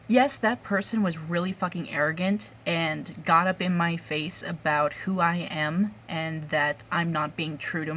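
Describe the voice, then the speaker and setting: A young woman vents in an angry rant to her viewers, her voice sitting fairly low and her delivery slow and halting. She swears, sighs and stumbles over restarts, with a faint hiss behind her. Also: a bit bright. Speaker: vlogger.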